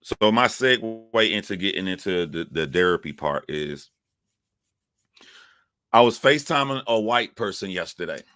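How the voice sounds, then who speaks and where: Low-voiced man rambling on a livestream. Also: animated, moderate pace, pushed and bright, dry recording. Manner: rambling, self-correcting, chatty. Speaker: YouTube livestream host. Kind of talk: casual livestream monologue. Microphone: phone.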